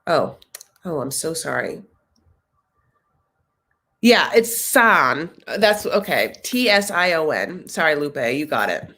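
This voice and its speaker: A woman's voice: low voice, big pitch swings, takes it slowly, pauses often, bright, forceful tone. A woman hosting a casual live reaction chat, chatty and sassy, tossing out jokes and asides as she recaps. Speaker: recap show host.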